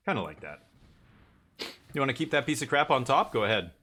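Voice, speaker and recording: A man streaming a card game live, chatting excitedly and joking with his chat as he plays. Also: mid-range voice, brisk.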